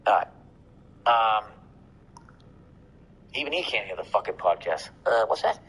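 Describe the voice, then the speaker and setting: A man's voice: on the low side, very animated, measured pace, fairly bright tone, slightly rough, poor audio. A man hosting a comedy podcast, rambling through promos with profanity, sarcasm and constant self-interruptions. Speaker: podcast host and stand-up comedian.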